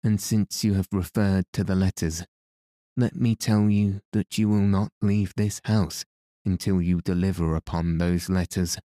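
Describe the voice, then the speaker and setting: A man's voice: low voice, fairly even intonation, unhurried, dark tone, no room sound, clean studio sound. A man reading the lines of a stern, threatening middle-aged banker in an audiobook. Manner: stern, demanding.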